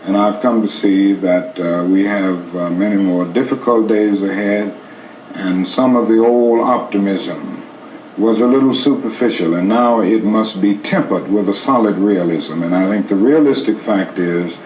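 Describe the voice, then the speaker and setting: Man, low voice, grave reflective speech, dull roomy distant archival recording. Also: measured pace, darkish tone, slight background noise.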